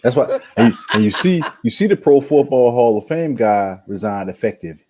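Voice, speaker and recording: A man's voice: mid-range voice, normal speed. A man co-hosting a podcast in casual sports chat, laid-back and saying "man" often. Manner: laid-back, says "man" a lot, lively intonation. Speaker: podcast co-host.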